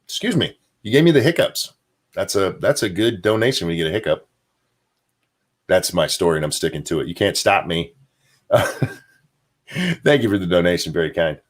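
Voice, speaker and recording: A man's voice: sits low, very animated, normal speed, pauses often. A man hosting a casual livestream show, rambling through viewer chat with plenty of fillers and chuckles. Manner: answers viewer chat and donations aloud.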